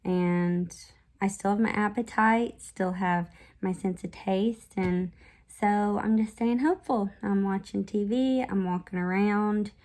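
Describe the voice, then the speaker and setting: Speaking a little slowly in a medium-pitched, darkish voice, a woman records a casual health vlog to camera. She's breathless, conversational, and frank, peppering her talk with fillers.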